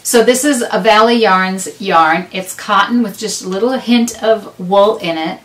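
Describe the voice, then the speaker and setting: Speaking a little slowly in a mid-range, slightly bright voice, a middle-aged woman chats to camera for her knitting podcast. She rambles casually and often jokes at her own expense. A distant mic leaves the audio roomy and somewhat off mic.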